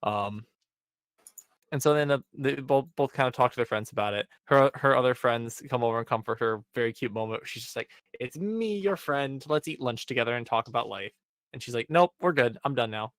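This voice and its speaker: A young man's brisk, medium-pitched voice carries an animated podcast recap of an episode. In this casual chat he acts out what the characters said, filling gaps with plenty of "um" and "like." No room sound is audible.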